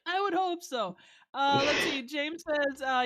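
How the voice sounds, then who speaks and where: A woman's voice: high voice, unhurried, a bit bright. An American woman co-hosting a casual live stream, reading out chat and giggling playfully. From United States.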